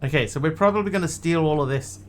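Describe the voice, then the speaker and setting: Speaking fast in a slightly high voice, a man streams a game and plays around with his viewers, cracking jokes as he goes. The talk is casual gameplay commentary.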